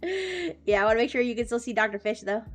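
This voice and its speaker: A woman's voice: fairly high pitch, animated, quick pace. A woman streaming live and chatting casually, giggly, with frequent restarts, with faint music behind.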